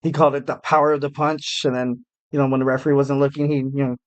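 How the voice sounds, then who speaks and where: A man's voice: mid-range voice, level tone, fast. A man hosting a wrestling podcast in a casual, chatty way, with lots of fillers and restarts and some jokes at his own expense. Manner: chatty, many fillers and restarts, jokey self-mockery.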